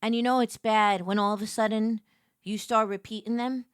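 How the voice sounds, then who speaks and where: A woman streamer chatting casually and joking, swinging between loud squeals and quiet murmurs. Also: fairly high pitch, fairly even intonation, normal speed, clear, resonant tone, dry recording, studio quality. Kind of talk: casual live-stream chat.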